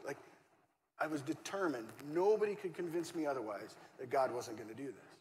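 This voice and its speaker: In a church auditorium with hall reverb and faint room noise, a male pastor delivers a conversational sermon built on stories, acting out the dialogue he quotes. His voice sits at medium pitch, a little fast and a little mellow.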